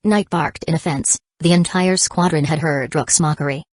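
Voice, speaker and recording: Narrator, female, low register, dry close sound, steady audiobook read. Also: normal speed, no echo. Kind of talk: scripted narration.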